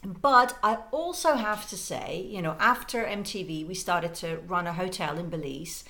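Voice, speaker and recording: A woman guest in a casual chat, telling lively anecdotes and acting out quotes. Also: lowish voice, normal speed. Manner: animated anecdotes with playful put-on quotes.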